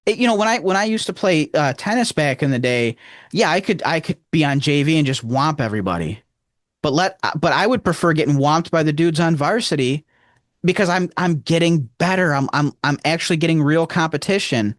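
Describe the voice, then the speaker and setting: Rochester-accented male co-host, earnest rambler, higher voice, dry close mic. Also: lively intonation, fairly quick, dry recording. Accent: Rochester, New York. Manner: rambling, earnest, emphatic swings in pitch. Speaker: podcast co-host. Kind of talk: casual chat.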